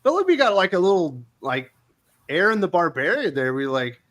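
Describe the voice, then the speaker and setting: A man hosting a casual comics talk show, relaxed and jokey. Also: sits high, normal speed. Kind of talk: casual chat.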